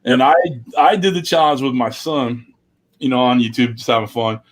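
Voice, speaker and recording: A man's voice: medium pitch, moderate pace. Man, host, casual live-stream chat, laid-back, cussing, joking about himself. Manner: laid-back, swears casually, self-deprecating.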